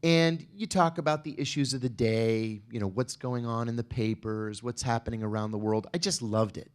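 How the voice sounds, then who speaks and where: A man's voice: mid-range voice, fairly even intonation, normal speed, smooth. A middle-aged man speaking on a conference panel, telling a personal story with wry asides. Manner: storytelling, wry, acts out quoted exchanges.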